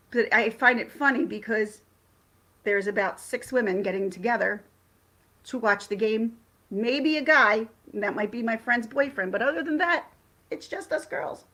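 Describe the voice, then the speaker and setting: A woman hosting a casual livestream, chatting excitably and rambling with frequent restarts. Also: fairly high pitch, moderate pace. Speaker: livestream host.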